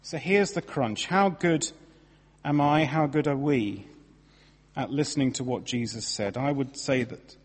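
A man giving a sermon in a church, lively, conversational and self-deprecating as he tells stories. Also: mid-range voice, slightly rough. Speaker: preacher. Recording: long reverb of a large hall.

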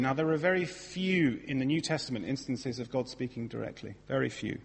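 A man giving a sermon in a church, lively, conversational and self-deprecating as he tells stories. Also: medium pitch, fairly quick, gravelly, few pauses, slightly rough. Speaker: preacher. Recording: long reverb of a large hall.

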